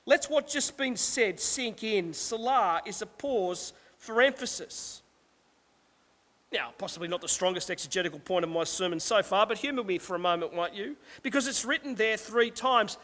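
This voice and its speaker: A man with a notably high voice preaching with emphasis and throwing rhetorical asides to the congregation. His words ring out with a long echo, as in a large church hall. It is a delivered sermon, not a casual talk. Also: normal speed, sharp tone. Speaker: pastor.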